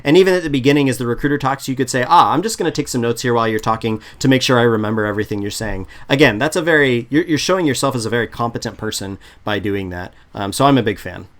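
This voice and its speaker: A man coaching on interview prep in a relaxed, chatty way, often restarting sentences, on a video call. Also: medium pitch, fast, few pauses. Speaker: product management coach. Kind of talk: casual advice chat.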